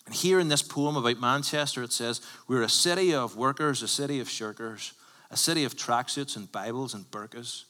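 A man preaching a sermon as a pastor, conversational and emphatic, swinging from loud bursts to hushed lines. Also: medium pitch, in a large hall. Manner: emphatic, conversational preaching with sudden bursts and drops to near whisper. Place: church.

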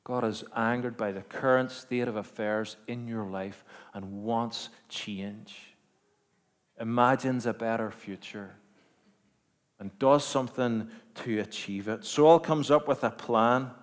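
A man preaching a sermon, moving between quiet, measured storytelling and loud, emphatic declarations with rhetorical questions. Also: medium pitch, fairly even intonation. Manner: dynamic, swings from hushed to emphatic, rhetorical questions.

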